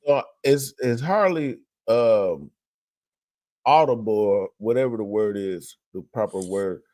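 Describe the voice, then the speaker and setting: A man's voice: on the low side, measured pace, no room sound, studio quality. A man co-hosting a podcast, talking casually over a video clip and acting out what people say. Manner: animated, acts out quotes in voices. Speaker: podcast co-host.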